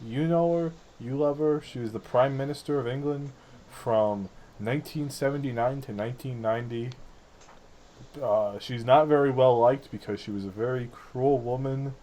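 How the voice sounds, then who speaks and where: A man's voice: medium pitch, normal speed, darkish tone, a little hiss or hum. A young man co-hosting a casual podcast, talking in a rambling, sarcastic way with frequent laughs. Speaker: podcast co-host.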